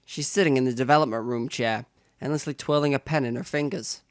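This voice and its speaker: A man's voice: mid-range voice, fairly even intonation, fast, clean tone, dry recording, clean studio sound. A man playing through a visual novel, reading the narration aloud in first person with asides to the viewer. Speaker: let's player.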